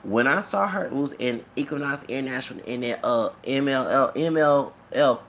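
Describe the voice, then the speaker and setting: Over a little hiss or hum, a man from Texas who makes YouTube videos talks at a moderate pace in a medium-pitched voice. He rambles animatedly through a casual monologue, laughing often and going off on asides.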